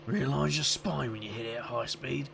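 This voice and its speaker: A man's voice: mid-range voice, normal speed, gravelly, fairly bright tone, slight background noise. A man voicing a wry, sardonic male detective who narrates in first person, with dry wisecracking asides.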